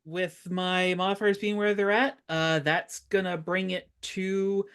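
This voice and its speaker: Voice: mid-range voice, flat delivery, unhurried, a bit bright, clean tone. A player in a tabletop role-playing game who talks keenly and lays out plans step by step. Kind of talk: casual tabletop game play.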